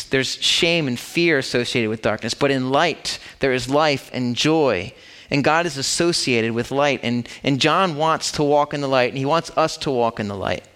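A man's voice: medium pitch, a bit bright. A man preaching a sermon in a casual, conversational way, acting out the story as he tells it. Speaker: pastor.

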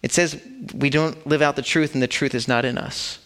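A man's voice: medium pitch, steady tone, normal speed, fairly bright tone. A man preaching a sermon in a casual, conversational way, acting out the story as he tells it. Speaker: pastor.

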